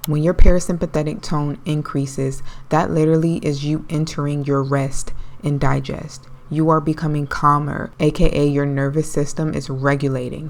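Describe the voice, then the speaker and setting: A woman vlogger speaking in a low, soothing voice, slow and deliberate, pausing between her sentences. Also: steady tone, a little hiss or hum. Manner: slow, soft, deliberate speech with pauses. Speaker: wellness vlogger. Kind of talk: calm talking-head vlog.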